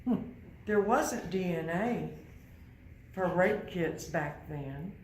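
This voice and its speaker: A woman's voice: fairly low pitch, lively intonation, slow, darkish tone, slight background noise. Older woman telling her story in an echoey hall. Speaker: guest speaker. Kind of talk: personal testimony to a live audience. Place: university hall.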